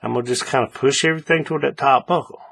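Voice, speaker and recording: Very fast and husky, this man's mid-range voice carries noticeable vocal fry. He casually runs through a hands-on crafting tutorial, repeating steps and asking whether viewers are following along.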